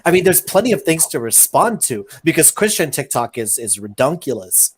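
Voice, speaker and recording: A man's voice: a little high, sing-song, fairly quick. A man who makes online videos, chatting casually as a guest and thinking aloud with some hesitation. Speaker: guest content creator. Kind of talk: casual chat.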